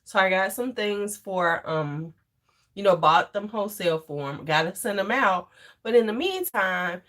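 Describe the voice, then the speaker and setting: A woman's voice: medium pitch, expressive, moderate pace, a bit bright. A woman hosting a casual livestream, rambling between topics, laughing often and chatting with her viewers. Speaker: livestream host.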